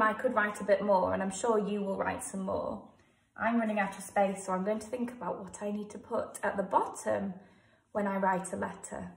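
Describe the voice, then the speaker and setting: A primary school teacher with an English accent leads young pupils through a writing task. Her voice comes from a distance, caught by a camera set back in a roomy, echoing space. She goes slowly and patiently, sounding out each word. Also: medium pitch, fairly even intonation, gravelly. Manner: slow, sounds words out letter by letter. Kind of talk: home-learning writing lesson for young children. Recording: echoey room, voice from a distance.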